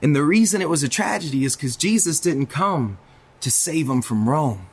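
A man preaching a sermon to viewers online, in a dramatic delivery that swings between loud urgency and a hushed voice. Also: a little high, expressive, normal speed, breathy edge. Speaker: pastor.

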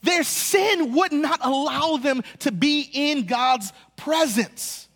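A male pastor preaching a sermon, animated, often repeating words as he restarts, swinging between quick bursts and slow, drawn-out emphasis. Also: very high-pitched.

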